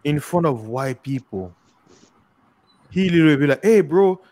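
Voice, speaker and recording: A man's voice: medium pitch, animated, normal speed, a little mellow. A man from Congo with a Congolese accent, talking casually as a podcast guest. He often repeats words and acts out both sides of the dialogue when he tells a story. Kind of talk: casual discussion.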